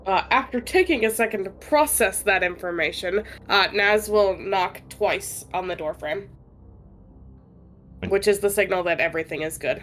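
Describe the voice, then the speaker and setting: A woman playing in a tabletop game, chatty and quick to react. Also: mid-range voice, fairly bright tone, soft background music. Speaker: player. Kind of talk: casual tabletop play.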